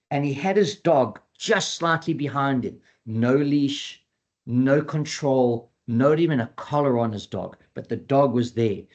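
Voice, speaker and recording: The audio has its highs cut off, capturing a man with a mid-range voice. He's a dog behavior trainer earnestly teaching in a webinar, restating his main points and acting out quoted dialogue in a lively voice.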